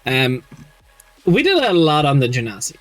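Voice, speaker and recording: A man's voice: medium pitch, huge pitch swings, moderate pace, no room sound, soft background music. A young man hosting a casual livestream as game master, rambling and upbeat with many restarts. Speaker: stream host and game master.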